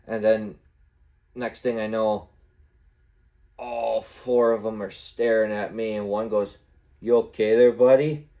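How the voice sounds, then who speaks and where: A man's voice: lowish voice, completely flat delivery, slow pace, gravelly, long pauses, darkish tone, lo-fi sound. A young man hosting a podcast, rambling casually and swearing freely. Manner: rambling, swears freely, acts out his own gaming trash talk. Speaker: podcast host. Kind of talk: casual solo podcast chat.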